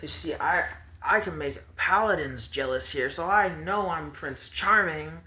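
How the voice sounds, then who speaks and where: A man's voice: fairly high pitch, a little slow, pushed and bright, voice pushed up. A man voicing a naive, boastful young male hero who is earnest and self-praising. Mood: vain, earnest. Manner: showy, self-praising, indignant. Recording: roomy echo with faint ambience.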